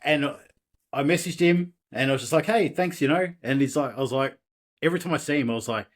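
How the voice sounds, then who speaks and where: An Australian man, a podcast guest, telling personal stories in a casual, animated way with laughs and restarts. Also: on the high side, fast. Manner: animated, laughing, self-deprecating, many restarts. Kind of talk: casual interview storytelling.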